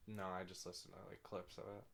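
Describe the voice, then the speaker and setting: Gravelly and low-pitched yet fairly bright, another young man co-hosts a podcast in a level tone and at a fairly quick clip. His casual chat is blunt, peppered with "I don't know," and faint noise sits behind him.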